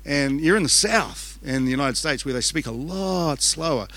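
Fast-talking New Zealand pastor, bright voice. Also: male voice, a little high, lively intonation. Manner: fast-talking, joking and conversational, with restarts. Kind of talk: conference sermon. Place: church auditorium. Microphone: handheld microphone.

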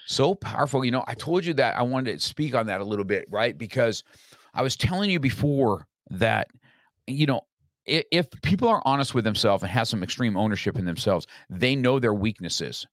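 A middle-aged man hosting an interview in a brash, animated, direct way. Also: medium pitch, moderate pace, no echo, studio quality. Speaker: podcast host. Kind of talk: conversational interview.

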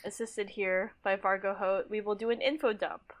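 A woman's voice: mid-range voice, steady tone, moderate pace, background noise. A woman co-hosting a podcast, chatting casually about a book with lots of filler words. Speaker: podcast co-host.

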